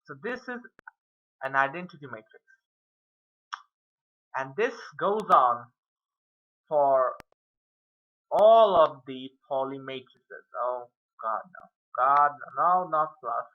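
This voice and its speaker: A man's voice: mid-range voice, lively intonation, takes it slowly, pauses often, dull audio. A man giving a casual whiteboard math lesson, rambling and muttering self-mocking asides as he works through the steps. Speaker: math tutor.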